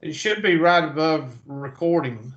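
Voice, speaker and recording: A man's voice: a little high, expressive, measured pace, fairly bright tone. A man with a Southern US accent teaching a math class over a video call, chatty and thinking aloud as he goes. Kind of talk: online class lecture. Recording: muffled video call audio.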